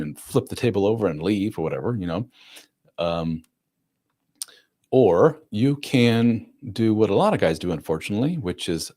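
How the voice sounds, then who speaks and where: A man's voice: deep voice, animated, brisk, a little mellow. A middle-aged man hosting a live chat, talking casually and bluntly, acting out the people he quotes. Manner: blunt, acts out quoted voices, fillers like "blah, blah". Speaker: livestream host answering chat.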